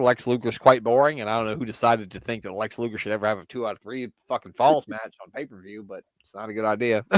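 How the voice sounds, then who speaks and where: Jokey man with a lively voice. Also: medium pitch, no room sound. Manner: jokey, playful, laughs often. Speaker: podcast co-host. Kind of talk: casual wrestling commentary chat.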